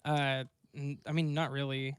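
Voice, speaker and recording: A man's voice: medium pitch, flat delivery, moderate pace, clean tone, dry recording, studio quality. A man who narrates stories, co-hosting a podcast in blunt, casual chat and swearing freely. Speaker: podcast host and story narrator.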